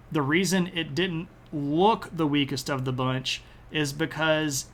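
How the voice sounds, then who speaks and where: A man streaming a casual history talk, answering chat by name and putting on quick joking voices for the nations. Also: fairly high pitch, a bit bright.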